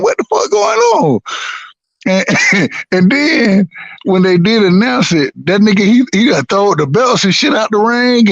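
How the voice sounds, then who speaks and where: A man's voice: high voice, fairly bright tone, no room sound. A man from the United States, chatting casually about boxing in a laid-back, profane way and repeating himself a lot. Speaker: boxing podcast co-host. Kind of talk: casual chat. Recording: dry, slightly dull sound.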